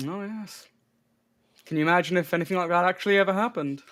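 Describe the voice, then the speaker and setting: A man co-hosting a film watch party, joking and laughing through quick banter. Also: sits high, fairly bright tone. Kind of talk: casual film commentary.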